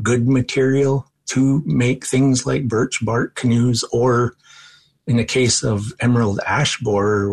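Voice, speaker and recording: A man who teaches forestry at a college, answering interview questions in a thoughtful, measured way with frequent ums. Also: fairly low pitch, husky.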